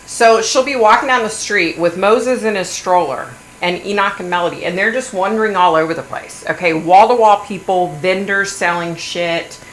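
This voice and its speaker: A middle-aged woman hosting a livestream, chatting in a blunt, animated way and swearing now and then. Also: mid-range voice, normal speed, few pauses. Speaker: livestream host. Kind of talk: casual gossipy chat. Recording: echoey room, faint hum.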